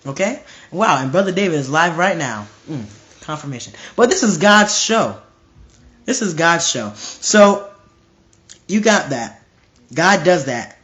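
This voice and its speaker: Young male street-style preacher, slightly raised pitch, hammering repetitions, loose informal delivery. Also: big pitch swings, unhurried, a bit bright, highs cut off. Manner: emphatic and repetitive, restarting phrases. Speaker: preacher on a live stream. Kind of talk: informal preaching to a live stream.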